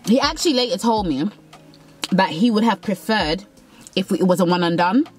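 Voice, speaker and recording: Young woman in her twenties, casual confessional vlog storytelling, blunt and animated with quotes, mid-pitched. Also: moderate pace, rough recording. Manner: candid, swearing, acts out quotes. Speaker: vlogger.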